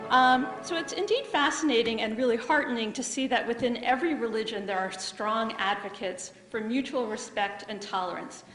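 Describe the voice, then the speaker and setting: A woman's voice: fairly high pitch, moderate pace, hardly any pauses, a bit bright, soft background music. A woman giving an earnest, enthusiastic lecture. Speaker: speaker. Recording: echoey hall.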